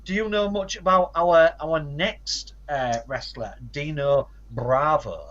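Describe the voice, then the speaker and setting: A man with a somewhat high, fairly bright voice co-hosts a casual podcast chat at a slow pace, rattling off facts and titles and slipping in dry asides. The audio sounds dull and lo-fi.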